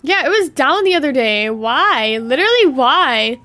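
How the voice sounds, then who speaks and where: Bubbly high-voiced woman streamer. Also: moderate pace. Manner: bubbly and excitable, greets chat. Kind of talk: casual gaming stream chat.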